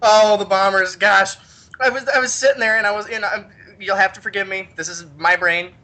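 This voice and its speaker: A young man hosting a podcast, telling a rambling story in an excitable, giggly way. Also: sits high, brisk. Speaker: podcast host. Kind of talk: casual storytelling chat.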